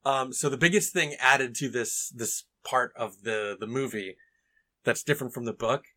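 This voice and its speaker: Bright-voiced man in casual chat. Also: mid-range voice, moderate pace. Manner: enthusiastic, reads passages aloud dramatically. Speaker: podcast co-host. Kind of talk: casual chat and book reading.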